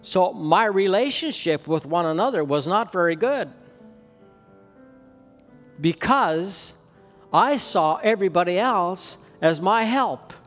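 A Canadian pastor preaches to his church, earnest and personal, lifting his voice to drive points home. His rather high voice rings out with a long hall reverb, and soft instrumental music plays faintly behind him. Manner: storytelling, personal and earnest, voice rising in emphasis. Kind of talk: sermon.

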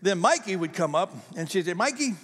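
Older pastor, high voice, hall reverb. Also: male voice, brisk. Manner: conversational, animated storytelling with repeated restarts. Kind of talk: sermon.

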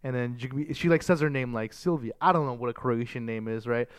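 A man's voice: medium pitch, brisk, smooth. A young man co-hosting a casual podcast, playful and teasing as he asks questions. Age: young adult. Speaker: podcast co-host.

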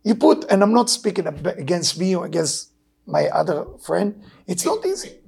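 Gravelly, husky-voiced man preaching. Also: high voice, normal speed. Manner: animated storytelling, broken English grammar. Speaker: Torah teacher. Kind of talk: weekly Torah class talk.

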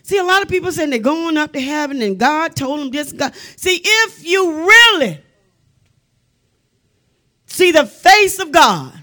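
A woman preaching a sermon with fervent emphasis, building to loud exclamations and sometimes dropping to a hush. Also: high voice. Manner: drops to hushed tones for dramatic effect.

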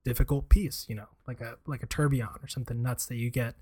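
A man's voice: medium pitch, fairly even intonation, fast, dark tone, husky. A man in casual podcast chat, rambling with many "like" and "you know" fillers. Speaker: co-host, former aviation salesman.

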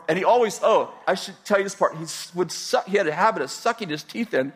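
A man's voice: sits high, expressive, fast, fairly bright tone, breathy edge. An older man from California telling a personal story in a rambling way, with many restarts and chuckles. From California, USA.

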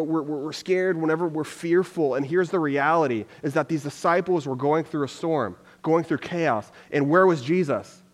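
A man's voice: fairly high pitch, moderate pace, hardly any pauses. Man preaching loosely in a reverberant hall. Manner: energetic, loose, full of "like" fillers. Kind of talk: casual conversational sermon.

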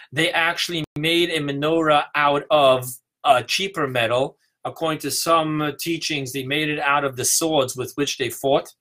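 A man's voice: a little high, pushed and bright. Man giving an emphatic sermon. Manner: teaching, emphatic stresses, slows on key words. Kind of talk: sermon on Hanukkah mysticism.

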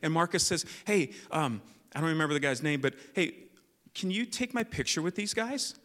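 Man, youth pastor, casual sermon storytelling, bright tone, long church reverb. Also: on the high side, normal speed. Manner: animated storyteller, many fillers. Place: church hall.

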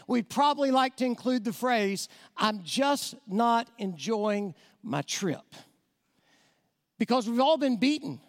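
A guest preacher delivers an evangelistic sermon in a church sanctuary, his voice pitched unusually high for a man. He addresses the congregation directly and emphatically, racing through some lines and stretching out others, while a long, ringing reverb from the large hall follows his words.

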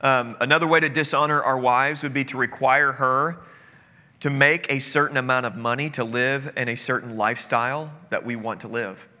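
A man's voice: medium pitch, steady tone, normal speed, bright, forceful tone. A man preaching a sermon as pastor in an earnest, conversational way with casual asides. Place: church sanctuary. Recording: long hall reverb.

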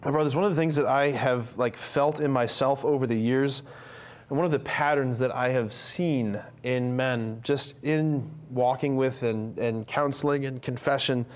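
A man's voice: medium pitch, fairly even intonation, moderate pace. A man giving an earnest, conversational sermon to men, with frequent fillers and restarts.

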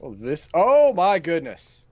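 A man co-hosting a casual chat, reacting with quick exclamations and asides. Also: on the high side, wildly swooping pitch. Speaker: co-host.

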